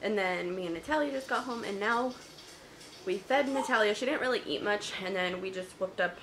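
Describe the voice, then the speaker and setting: A young woman chatting casually to her viewers at home in a family vlog, switching between baby talk to her daughter and relaxed chat to the camera. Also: mid-range voice, fairly quick, background noise. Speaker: family vlogger.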